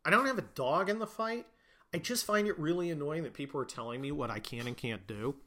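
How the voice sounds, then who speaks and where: A man's voice: on the high side, a little fast, sharp tone. A man hosting a podcast, ranting sarcastically and profanely in a rambling way. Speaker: podcast host. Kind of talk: sarcastic political rant.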